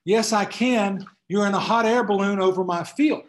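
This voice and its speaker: A man's voice: sits high, moderate pace, voice pushed up, close to an everyday voice. A man voicing a literal-minded male farmer in a joke, answering matter-of-factly. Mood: deadpan. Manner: matter-of-fact.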